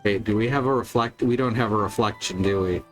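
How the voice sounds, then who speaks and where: A man's voice: lowish voice, brisk. Guy streaming a game, rambling and swearing, wry jokes, faint music behind. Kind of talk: casual gameplay chat.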